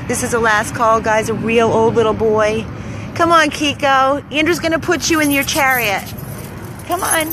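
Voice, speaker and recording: In a casual vlog with background noise, a woman records a dog rescue, using cooing baby talk with an old dog and addressing the camera earnestly. Her voice is a little high, with fairly even intonation and a moderate pace, first outdoors beside a car and then inside it.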